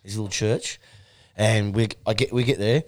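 A man's voice: lowish voice, steady tone, normal speed. A young Australian man in casual chat, telling a story animatedly and swearing often.

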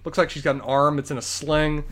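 Fast-talking man explaining a film. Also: a little high, flat delivery, fairly bright tone. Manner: detailed, explanatory, quick bursts. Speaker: podcast co-host. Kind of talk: casual movie review chat.

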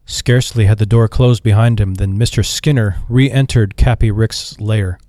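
A man reading an audiobook in measured, expressive narration. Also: fairly low pitch, dry recording, clean studio sound. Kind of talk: scripted narration.

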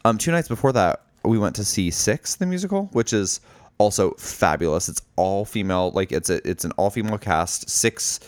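A man's voice: fairly low pitch, lively intonation, moderate pace, smooth, dry recording. A man in his thirties co-hosting a podcast, chatting casually, laughing often and swearing freely. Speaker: podcast co-host. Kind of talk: casual chat.

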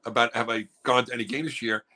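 Bright-voiced New comedian telling stories. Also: male voice, medium pitch, quick pace, rough recording. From New York. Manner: animated storyteller acting out other people's lines. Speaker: comedian guest. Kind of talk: casual podcast chat. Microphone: video call.

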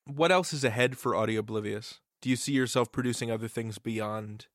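A man's voice: medium pitch, fairly quick, fairly bright tone, no room sound. Upbeat male podcast host, dry sound. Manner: upbeat, brief interjections and questions. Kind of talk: casual interview.

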